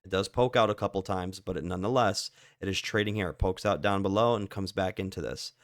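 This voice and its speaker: A man's voice: low voice, brisk, dry recording, studio quality. A man casually walking through stock charts, rambling with lots of fillers and the odd curse. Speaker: stock market commentator. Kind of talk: casual chart analysis walkthrough.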